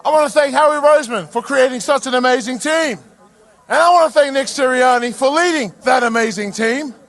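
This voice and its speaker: A football player giving a shouted victory speech to a parade crowd, leading a sing-along. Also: male voice, very high voice. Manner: hypes up the crowd, drawn-out shouted singing.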